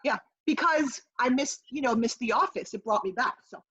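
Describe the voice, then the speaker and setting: A woman improvising a comedy scene over a video call, brash and rambling with a deadpan edge. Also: on the high side, a little fast, breathy edge. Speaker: improv performer. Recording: dull lo-fi video call audio.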